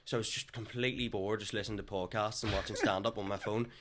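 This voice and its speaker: Young Northern Irish comic, low voice, rattles along at speed, bright tone. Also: male voice, fairly even intonation, slight background noise. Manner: very fast-talking. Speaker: guest comedian. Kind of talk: casual chat.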